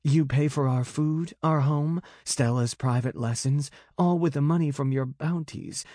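A man doing a gentle wolf-shifter mother. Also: fairly high pitch, a little slow, dry recording, studio quality, voice pushed up. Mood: earnest.

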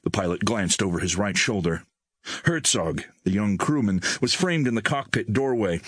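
A man reading an audiobook in a recording studio with measured storytelling on a close mic. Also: on the low side, animated, a bit bright, breathy edge, dry recording. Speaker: audiobook narrator. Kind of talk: scripted audiobook narration.

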